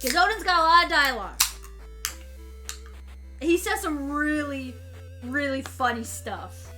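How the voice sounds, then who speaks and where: A woman's voice: high voice, measured pace, faint music behind. A woman co-hosting a live game stream, chatting casually and bubbly with viewers and her co-host. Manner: bubbly, animated, laughs often and talks to chat.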